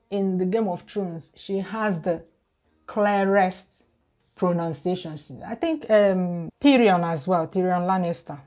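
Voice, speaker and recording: Here the woman's voice is lower, with a darkish tone. She is a Nigerian YouTuber with a Nigerian accent, talking casually to camera and often repeating words when she starts over.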